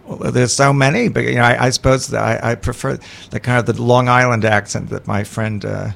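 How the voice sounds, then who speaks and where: A man's voice: mid-range voice, steady tone, fairly quick, creaky, a bit bright. A man guesting on a podcast, chatting casually in a campy, theatrical way, calling people honey and darling. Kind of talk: casual interview chat.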